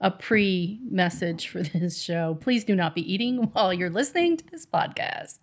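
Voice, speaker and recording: A woman's voice: on the low side, expressive, moderate pace. A middle-aged woman co-hosting a podcast with her daughter, playful and teasing in casual chat. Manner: playful, teasing, laughs often. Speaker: podcast co-host, mother of the other host.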